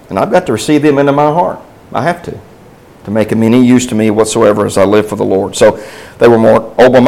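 A man's voice: medium pitch, poor audio. Guy teaching bible class, chatty, keeps asking questions and answering em himself. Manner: conversational, with restarts and asides.

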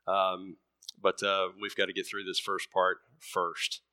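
Bright-voiced preacher man, casual sermon. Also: sits low, monotone, measured pace, dry recording, clean studio sound. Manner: conversational, many ums and uhs; acts out the story's voices lightly. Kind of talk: sermon with a told story.

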